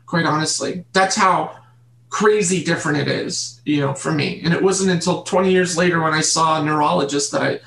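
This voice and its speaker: A woman guest in an interview, telling her childhood story in an earnest, halting way and repeating words. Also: sits low, vocal fry, a bit bright. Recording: roomy echo.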